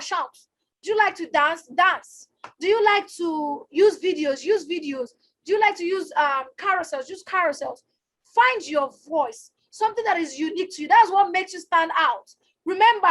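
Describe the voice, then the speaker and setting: A woman coaching on a live stream, energetic and loud, who likes to shout and repeats herself for emphasis. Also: very high voice. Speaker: online business coach. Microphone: phone or webcam on a live stream.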